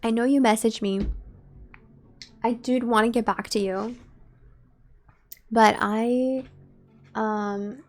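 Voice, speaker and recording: A woman's voice: fairly high pitch, steady tone, takes it slowly, pauses often, faint music behind. A woman streaming a game and chatting casually with her viewers, musing aloud. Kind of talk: casual gameplay commentary.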